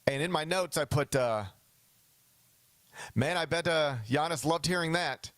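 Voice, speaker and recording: A man's voice: a little high, measured pace, fairly bright tone, no room sound. A man hosting a sports talk show, talking casually and animatedly, often slipping into mock quotes of other people.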